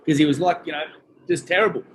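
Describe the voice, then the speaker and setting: An Australian man telling stories in a casual chat, animated and swearing freely, acting out the other people's voices. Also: fairly high pitch, quick pace, a little hiss or hum. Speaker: guest, retired boxer. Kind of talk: casual storytelling.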